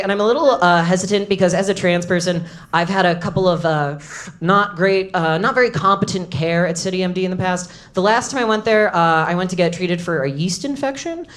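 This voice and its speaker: A comedic storyteller telling a live story to an audience, animated and bursting into loud shouts at punchlines. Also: female voice, lowish voice. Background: audience laughter.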